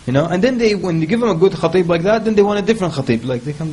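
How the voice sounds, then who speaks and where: Animated male panel speaker. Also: sits high, very fast, few pauses, breathy edge, low-quality recording. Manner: animated, mimics people in quotes, humorous. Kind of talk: casual panel talk.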